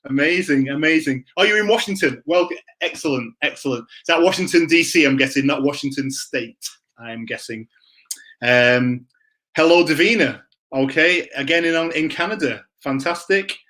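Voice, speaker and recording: A man's voice: a little high, moderate pace, sharp tone. A man hosting a live online Q and A, greeting viewers by name in an upbeat, chatty way. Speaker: livestream host. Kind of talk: live Q and A stream chat.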